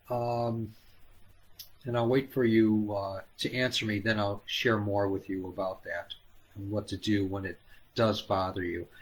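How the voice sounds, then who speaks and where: A fairly low-voiced man leading a live-stream healing session. He speaks gently and haltingly, pausing often with fillers, and coaxes viewers by name. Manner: coaxing, addresses viewers by name and calls them hon. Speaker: spiritual healer hosting a live Q&A.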